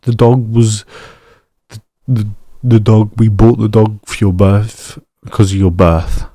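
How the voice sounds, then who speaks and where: Young man ranting, gravelly voice. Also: lowish voice, level tone, takes it slowly, warm tone, no echo. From Australia. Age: young adult. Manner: heated, swearing, ranting. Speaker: vlogger. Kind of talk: ranting personal vlog.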